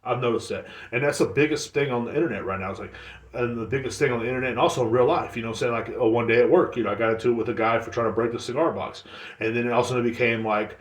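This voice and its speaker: A man hosting his own podcast, telling a story in a rambling, profane, animated way. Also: mid-range voice, fast, echoey room. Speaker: podcast host. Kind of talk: casual solo podcast rant.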